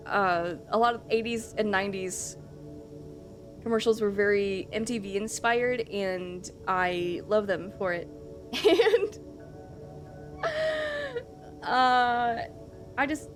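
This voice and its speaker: A woman streamer chatting casually with her live audience, rambling along with lots of fillers and the odd swear. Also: mid-range voice.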